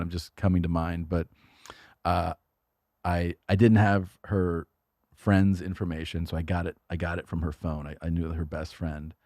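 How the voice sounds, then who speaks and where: A man with a low, deep voice talks in a loose, rambling way, swearing casually and poking fun at himself. The sound is dry and close, with no room around it. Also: dry recording. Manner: rambling, profane, self-mocking. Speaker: podcast guest, comedian. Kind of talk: casual chat.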